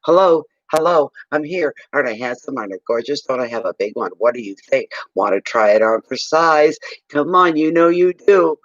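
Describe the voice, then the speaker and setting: A man's voice: mid-range voice, lively intonation, normal speed, a bit bright, no room sound, close to an everyday voice. Brief: man voicing a puppyish bull moose, pleading and boastful, dry muffled recording. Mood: eager. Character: eager showing-off male moose, puppyish.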